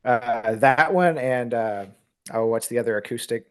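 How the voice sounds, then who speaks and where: A man's voice: medium pitch, unhurried. A man chatting as a podcast guest, easygoing and given to dry jokes. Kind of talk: casual chat.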